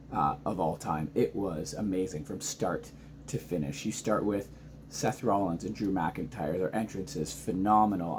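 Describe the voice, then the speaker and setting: A married man casually recapping wrestling, excited and rambling with many ums and restarts. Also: sits low, slight background noise. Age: adult, married father. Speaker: wrestling reaction vlogger. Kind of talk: casual reaction vlog.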